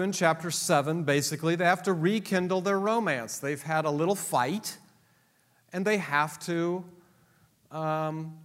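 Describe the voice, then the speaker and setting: Here the man's voice sits on the high side with a fairly bright tone. He is teaching a Bible class as a lecture to a live audience, teasing and joking as he works through the text, with long hall reverb around him.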